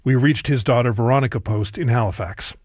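A man presenting a news item on the radio in a measured, formal scripted read. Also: medium pitch, darkish tone, no echo, studio quality. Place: radio studio.

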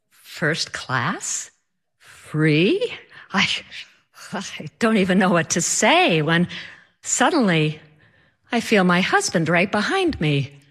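Slow-spoken woman telling a wry story. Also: fairly low pitch, very animated, a bit bright. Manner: wry, self-mocking. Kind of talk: personal storytelling.

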